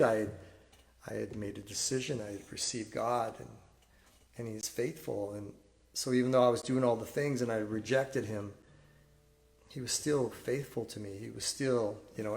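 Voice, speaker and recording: Man, singer-songwriter, confessional home-stream talker, halting and reflective, phone mic. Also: medium pitch, gravelly. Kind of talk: candid storytelling between songs. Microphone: phone, wearing headphones.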